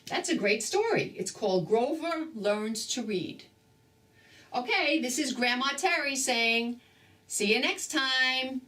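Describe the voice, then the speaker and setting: Slow expressive grandma reading aloud. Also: female voice, high voice, distant mic. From New Jersey. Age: older. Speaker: storybook reader. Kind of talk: reading a children's book aloud.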